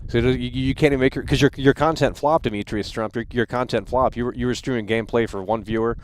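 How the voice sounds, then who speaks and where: A man's voice: medium pitch, steady tone, quick pace, a little hiss or hum. A man in his thirties hosting a live stream, ranting in a heated, profane way and stumbling over repeated words. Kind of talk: angry livestream rant.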